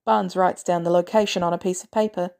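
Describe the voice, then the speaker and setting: A woman reading a fan story aloud as a podfic narrator, in a measured, even storytelling manner. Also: lowish voice, gravelly. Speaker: podfic reader.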